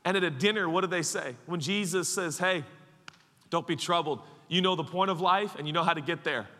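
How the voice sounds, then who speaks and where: A man preaching a sermon, animated and quick to act out the people in the story. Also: a little high. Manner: animated, acts out the disciples in quick voices. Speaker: pastor. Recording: long hall reverb.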